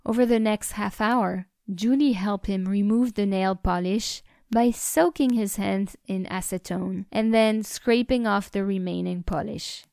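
A woman narrating a story aloud in an even, measured reading style. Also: mid-range voice, gravelly, smooth. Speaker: audiobook narrator.

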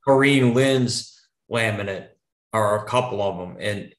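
A man's voice: fairly low pitch, measured pace. A man guest telling a story in casual conversation, rambling with frequent restarts and some swearing. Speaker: podcast guest. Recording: echoey room.

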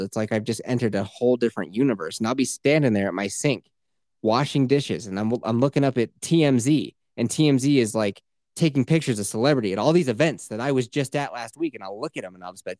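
A man's voice: mid-range voice, lively intonation, fast talker, a little mellow, no echo, clean studio sound. A man co-hosting a podcast in casual chat, retelling stories, laughing often and swearing offhand. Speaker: podcast co-host.

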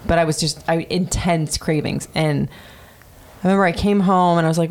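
A woman's voice: low voice, fairly even intonation, a little fast. A woman in her thirties casually telling a personal story on a podcast, chatty and profane with many fillers. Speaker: podcast host.

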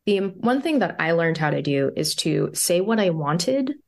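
A woman psychotherapist chats as a podcast guest with a slightly low voice. She tells her stories in a loose, rambling way, leaning on "like" as a filler. Her talk is casual and unscripted. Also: big pitch swings, moderate pace, gravelly, darkish tone. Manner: chatty storytelling, full of "like" fillers. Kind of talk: casual interview chat.

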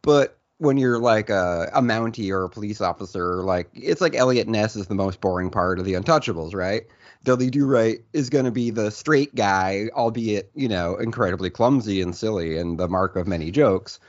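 A man's voice: on the low side, normal speed, no echo, dull audio. A man chatting casually as a podcast co-host, with many you-knows and likes. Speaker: podcast co-host, film reviewer. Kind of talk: casual chat.

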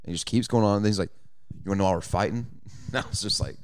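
A man's voice: fairly low pitch, racing, clear, resonant tone, no echo, clean studio sound. A man on a podcast telling a long story to friends in a casual, profane way, laughing as he goes. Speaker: podcast co-host.

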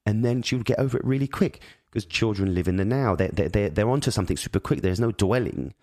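A man's voice: fairly low pitch, fast talker, darkish tone, no echo, studio quality. A father speaking in an earnest, reflective monologue on parenting, rambling with many restarts and repeated words.

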